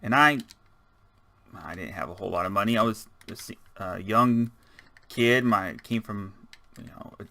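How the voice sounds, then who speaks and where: A man's voice: on the low side, normal speed, gravelly, long pauses, sharp tone, no echo. A man giving rambling, casual let's-play commentary, chatting and muttering to himself as he builds. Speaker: gaming channel host.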